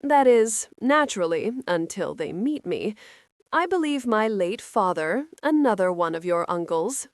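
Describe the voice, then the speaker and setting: A woman voicing a charming, easygoing male nobleman who talks in a slow drawl, in an audiobook. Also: medium pitch, dry recording, studio quality, lightly acted.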